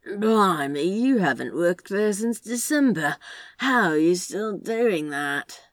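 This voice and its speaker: A woman's voice: medium pitch, lively intonation, takes it slowly, no echo, clean studio sound. A woman voicing a laid-back, teasing male demon with a casual, drawling manner in an audiobook reading. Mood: sleepy.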